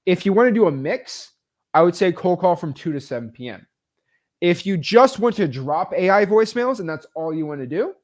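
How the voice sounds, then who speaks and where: Energetic man explaining wholesaling, chatty and loose with fillers, voice sits fairly high. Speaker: real estate wholesaling coach. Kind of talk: casual instructional talk.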